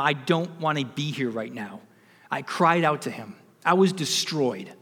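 A man's voice: on the high side, lively intonation, a little slow, fairly bright tone, breathy edge. Man preaching in a reverberant hall. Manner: personal storytelling, rising to emphatic preaching. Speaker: pastor. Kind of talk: sermon.

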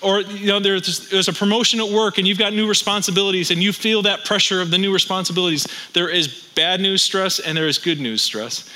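A man's voice: high-pitched, steady tone, fairly quick, hardly any pauses, sharp tone, rough recording. A pastor in his thirties preaching a sermon, mixing wry jokes with strings of rhetorical questions.

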